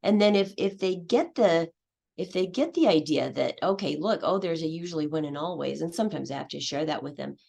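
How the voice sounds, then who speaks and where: A woman's voice: low-pitched, fairly quick, vocal fry, a little mellow. A woman giving a conference presentation on teaching, explaining step by step and acting out what her students say. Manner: explanatory, acts out student voices.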